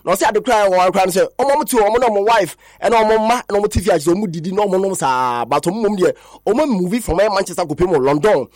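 A man presenting a radio sports news report in a lively, chatty way. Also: sits high, fast, hardly any pauses, no echo, studio quality.

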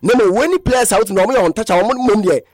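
At a rapid clip, a man runs down the sports news on radio, his high voice occasionally drifting into a sing-song lilt. The studio audio is dry and close, darkish in tone, with no room sound.

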